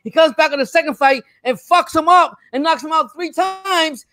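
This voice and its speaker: An older man with a strikingly high voice argues hard, repeating phrases and talking over whoever tries to cut in. The sound is dry with no room around it. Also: normal speed, no echo. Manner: forceful, swears, repeats himself, cuts in. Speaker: boxing fan in a debate. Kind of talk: heated street argument.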